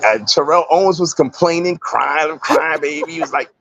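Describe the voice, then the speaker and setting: A man and actor, a guest in an interview, telling animated stories and acting out the voices of people he quotes. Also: on the high side, normal speed, vocal fry, no room sound, muffled recording. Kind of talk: casual interview storytelling.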